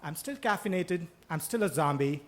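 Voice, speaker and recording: A man recounting a personal story on a live stage, his voice pitched a little higher than most men's. He talks with a wry, self-mocking edge and drops casual profanity. He speaks into a stage microphone. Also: lively intonation, moderate pace. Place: stage before a live audience in a bookstore.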